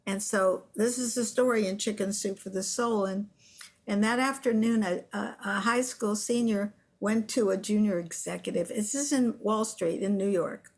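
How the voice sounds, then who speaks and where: Older woman telling an animated story. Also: mid-range voice, normal speed. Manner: animated storyteller who acts out quotes. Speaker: guest. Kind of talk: storytelling interview.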